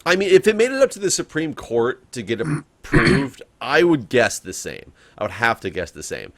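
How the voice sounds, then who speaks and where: A young adult man co-hosting a casual podcast chat, animated and self-correcting, laughing often as he talks. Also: mid-range voice, normal speed. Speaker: podcast co-host.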